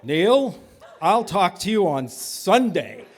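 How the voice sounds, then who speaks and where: A man voicing a stern, towering older male rabbi who speaks gravely and curtly in a spoken story. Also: high-pitched, very animated, slow, slight background noise, heavily acted.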